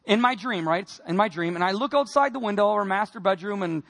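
A man from Wisconsin giving a personal testimony in a sermon, telling his story earnestly and moving between quiet and emphatic passages. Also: high voice, quick pace.

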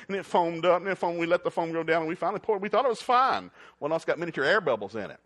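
Animated male preacher telling stories. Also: fairly high pitch, very fast, hardly any pauses. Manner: animated storyteller acting out quotes and sound effects. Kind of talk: storytelling sermon.

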